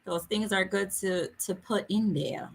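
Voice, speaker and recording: A woman's voice: mid-range voice, fairly even intonation, unhurried. A woman hosting a book vlog, chatting casually and jokingly with viewers during a livestream. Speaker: book vlogger host. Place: home in a city.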